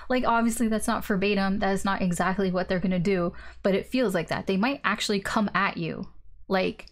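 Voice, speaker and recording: A woman's voice: mid-range voice, brisk. Candid, chatty woman reading tarot. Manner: candid, chatty, laughs often and swears. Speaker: tarot reader.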